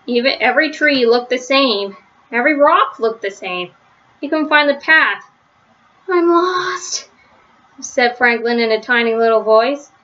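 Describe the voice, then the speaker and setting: A woman reading a children's story aloud, gentle, with small slips and restarts, on a slightly lo-fi recording. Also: on the high side, moderate pace. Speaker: storybook reader.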